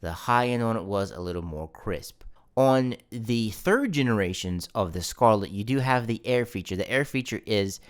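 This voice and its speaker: Low, smooth-voiced man explaining his gear. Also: moderate pace. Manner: relaxed, explanatory, loose and conversational. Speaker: musician reviewing his audio gear. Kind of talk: casual gear review to camera. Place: home studio with a guitar amp. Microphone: studio microphone through an audio interface.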